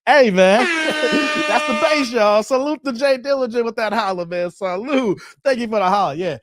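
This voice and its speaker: A man hosting a live reaction stream, joking, laughing and giving shout-outs to viewers in the chat. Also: very high-pitched, moderate pace, heavy background noise. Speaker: reaction video host. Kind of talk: casual live-stream commentary.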